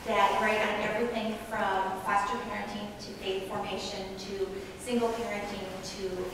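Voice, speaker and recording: A woman introducing her team of writers at the start of a talk. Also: medium pitch. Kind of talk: presentation introduction. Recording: echoey hall from far off, background noise.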